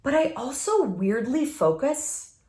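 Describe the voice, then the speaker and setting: Speaking slowly in a high-pitched, sing-song voice with a darkish tone, a woman gives a casual motivational vlog talk to the camera. She is emphatic and laughs often, and her voice echoes in the room.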